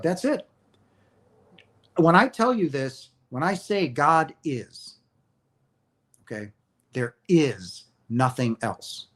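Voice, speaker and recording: Emphatic man talking on a livestream. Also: a little high. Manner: animated, emphatic, repeats "right?" often. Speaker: livestream host sharing near-death experience views. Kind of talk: casual livestream talk to viewers. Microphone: streaming setup mic.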